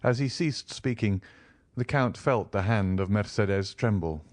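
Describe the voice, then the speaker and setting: A man narrating a classic novel as an audiobook, in a measured, even storytelling manner. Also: lowish voice, no room sound. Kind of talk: scripted narration.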